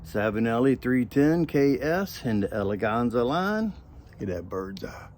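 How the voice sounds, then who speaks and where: A man's voice: medium pitch, very animated, moderate pace, darkish tone, a little hiss or hum. A man hosting a casual pipe tobacco review video, talking in a folksy, rambling way with joking asides.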